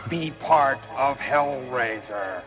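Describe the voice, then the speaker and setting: A man voicing a spooky horror-merchandise ad announcer with a slow, creepy, menacing delivery, played from an old tape. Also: mid-range voice, expressive. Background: music.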